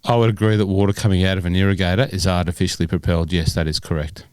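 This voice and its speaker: A man's voice: sits low, flat delivery, very fast, a little mellow, no room sound. A middle-aged Australian man co-hosting a podcast, chatting casually and rambling with many fillers. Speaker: podcast co-host. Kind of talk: casual chat.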